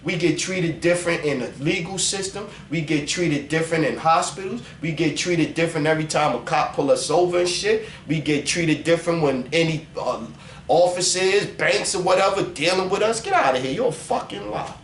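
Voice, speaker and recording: A man preaches straight to the camera, animated and profane. He slows right down to read scripture aloud. The room rings with a roomy echo over a faint hum of ambience. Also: on the high side. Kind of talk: casual religious vlog monologue.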